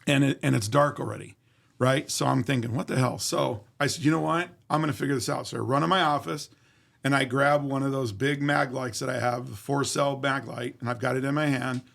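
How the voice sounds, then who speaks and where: A man's voice: mid-range voice, fairly even intonation, fairly quick, vocal fry, fairly bright tone. A man being interviewed, telling a story in a vivid, profane way and acting out the dialogue. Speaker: interview guest. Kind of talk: casual storytelling.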